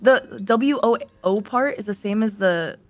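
A woman's voice: medium pitch, measured pace, no room sound. A young woman chatting casually and teasing her friend while teaching him words, laughing often. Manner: teasing, giggly, animated teacher. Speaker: language teacher in the chat. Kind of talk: casual chat.

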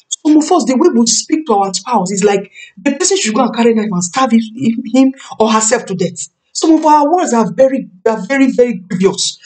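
A woman in her thirties preaching a sermon on marriage, emphatic, repeating key phrases and slowing down to stress words. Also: fairly high pitch, darkish tone. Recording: voice a bit far from the mic.

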